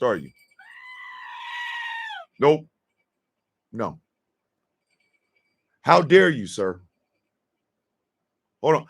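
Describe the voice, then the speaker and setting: A man hosts a casual live stream with a gravelly, husky voice. He sits high for a man and swoops all over his range as he scolds in theatrical mock outrage. He keeps landing on a drawn-out "sir.".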